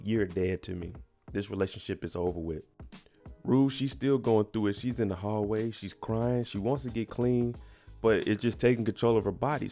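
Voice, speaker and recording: A man's voice: lowish voice, a little mellow. A man casually recapping a TV episode, retelling it emphatically with slang. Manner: chatty, emphatic retelling with slang and little laughs. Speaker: TV recap host.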